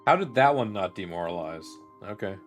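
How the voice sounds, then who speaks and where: A man's voice: sits low, animated, fairly quick, soft background music. A man commenting as he plays a video game, thinking aloud and muttering to himself. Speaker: let's play gamer. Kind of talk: gameplay commentary.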